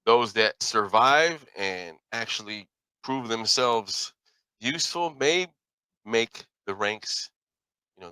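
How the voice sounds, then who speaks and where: A man's voice: fairly low pitch, pushed and bright, clear, resonant tone, no echo, low-quality recording. A middle-aged man hosting his own podcast, talking casually in a folksy, rambling way and often correcting himself. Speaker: podcast host. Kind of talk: casual solo commentary.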